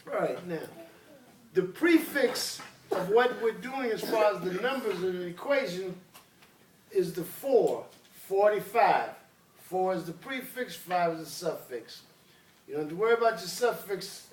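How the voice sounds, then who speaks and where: Man, a commanding classroom teacher with a high voice, recorded far off in an echoey room. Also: a little hiss or hum. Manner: commanding, drills students call-and-response.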